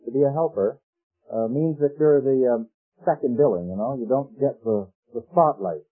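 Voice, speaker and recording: Through a tinny, phone-like old radio broadcast with faint music, a man preaches a sermon conversationally, posing rhetorical questions and quoting scripture. His mid-range voice moves at a normal speed and has a breathy edge.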